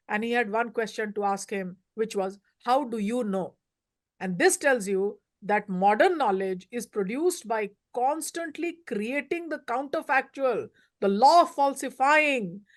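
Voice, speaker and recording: Emphatic high-voiced woman professor. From India. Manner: emphatic, lecturing, stresses single words. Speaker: panelist professor. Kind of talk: panel discussion remarks.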